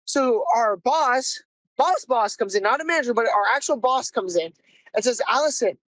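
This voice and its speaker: A young woman hosting a podcast, telling a comic story about her first job in an animated, exasperated way and swearing freely. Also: a little high, normal speed, no room sound, poor audio. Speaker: podcast host.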